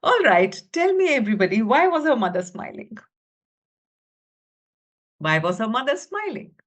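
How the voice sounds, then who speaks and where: A woman's voice: on the high side, big pitch swings, normal speed. A woman with a South Asian English accent, telling a children's story in a webinar, dropping to whispers for suspense and asking the audience questions. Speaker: teacher trainer leading a storytelling webinar. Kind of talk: animated storytelling to an online audience. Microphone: computer mic on a video call.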